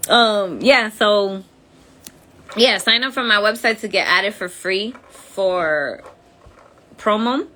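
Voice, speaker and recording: Speaking slowly and pausing often, a woman hosts a laid-back livestream on her phone, chatting warmly in slangy, accented English. Her mid-range voice has a sharp edge.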